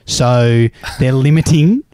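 A man's voice: medium pitch, takes it slowly, dark tone, no room sound, studio quality. A man hosting a rugby podcast, easygoing and steering the talk. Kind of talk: casual sports chat.

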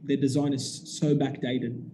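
A man's voice: mid-range voice, little pitch movement, moderate pace, background noise. A man, telling a story in casual chat, acting out the dialogue with animation and swearing casually. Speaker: business owner telling a story.

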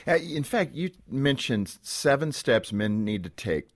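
A man's voice: medium pitch, lively intonation, unhurried. A man hosting an interview show, asking questions in a playful way and laughing easily. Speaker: host. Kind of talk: interview conversation.

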